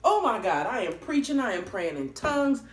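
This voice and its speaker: A woman vlogger telling a story in a casual, animated way, expressive and swearing freely. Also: a little high, moderate pace. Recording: roomy echoey room.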